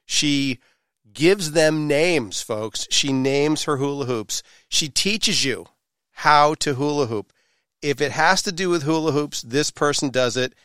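A man's voice: on the high side, slow, a bit bright, clear, resonant tone, no room sound, clean studio sound. A man hosting a podcast interview, with a playful, showy way of building up his guest. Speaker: podcast host. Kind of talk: casual interview.

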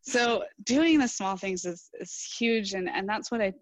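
A woman's voice: mid-range voice, measured pace, dry recording, lo-fi sound. A young adult woman engineer, a podcast guest, answering earnestly and reflectively in casual interview talk. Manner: earnest, reflective, quotes herself in dialogue.

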